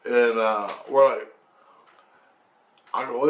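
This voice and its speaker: A man from Canada recounts a strange night in a loose, conversational voice. He acts out sounds and voices, drops casual curses and chuckles between lines, at an ordinary mid pitch. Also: measured pace, long pauses. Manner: animated, imitates rotor sounds and acts out quoted voices; swears casually, laughs while telling. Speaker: storyteller. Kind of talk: casual first-person storytelling.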